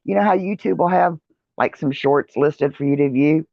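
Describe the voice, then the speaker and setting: A woman's voice: low-pitched, brisk, creaky, dry recording, highs cut off. A tired woman chatting in a rambling way for her vlog on an outdoor porch. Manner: rambling, chatty, with many fillers and yawns. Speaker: vlogger. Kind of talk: casual vlog chat. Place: outdoor porch with traffic nearby.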